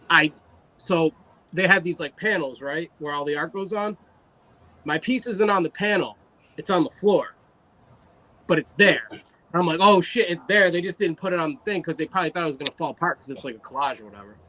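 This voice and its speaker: Animated man telling a story. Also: fairly high pitch, fairly quick, long pauses, poor audio. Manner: animated, loose anecdote with fillers. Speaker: guest artist. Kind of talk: casual storytelling.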